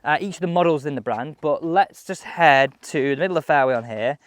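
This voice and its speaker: A man chatting excitedly as he reviews golf clubs outdoors on a course. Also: a little high, a little fast, no room sound. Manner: chatty, excitable, thinking aloud. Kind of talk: casual on-course commentary.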